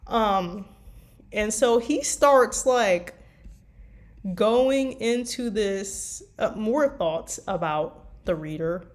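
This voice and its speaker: A tired woman chats casually about writing her fanfiction, rambling and meandering with lots of fillers. Her voice is medium-pitched and extremely slow.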